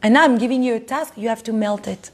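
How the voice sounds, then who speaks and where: A woman teaching a lively class to a live audience, who acts out quoted spouses in higher voices and laughs often. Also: quick pace.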